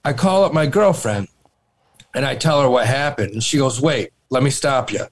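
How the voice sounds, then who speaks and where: A man on a podcast telling a long, animated story in casual chat, swearing and laughing as he goes. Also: mid-range voice, moderate pace. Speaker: podcast co-host.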